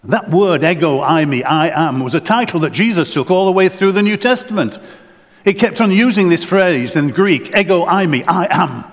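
A man's voice: high voice, lively intonation, normal speed. A man preaching a sermon in earnest, often repeating words and restarting phrases. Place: church. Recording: long church reverb.

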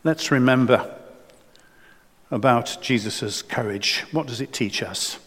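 A man's voice: medium pitch, slow pace, fairly bright tone. A man preaching a sermon in earnest, often repeating words and restarting phrases. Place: church. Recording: long church reverb.

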